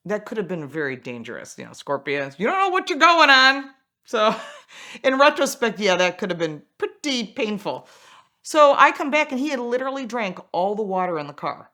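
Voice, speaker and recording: Woman car journalist with a racing background spinning a yarn, pitch jumping all over, animated delivery. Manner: animated, acts out quoted dialogue. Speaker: automotive journalist and racer. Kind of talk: casual storytelling anecdote.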